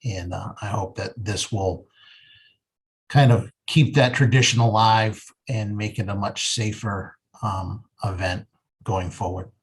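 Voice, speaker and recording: A man, a fire chief, explaining a safety plan at a public town meeting in an earnest, halting way with many pauses. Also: on the low side, steady tone, husky.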